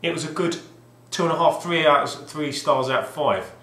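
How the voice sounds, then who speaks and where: A man whose voice is a little high, and also described as mid-range, talks at a moderate pace with a fairly bright tone. This video game collector vlogger is hesitant and wry, restarting often as he rambles casually. He's recorded at home in a reverberant, echoey room.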